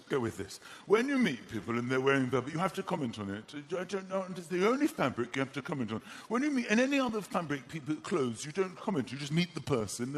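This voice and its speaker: A man's voice: on the high side, a bit bright. A man doing stand-up comedy on a theatre stage, acting out little scenes and voices. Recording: live theatre with audience noise.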